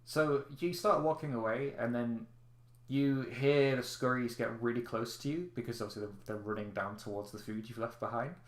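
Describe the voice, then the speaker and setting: Serving as game master for a tabletop game, a man narrates in a relaxed, halting way full of fillers. His voice is medium in pitch, and the room sounds echoey.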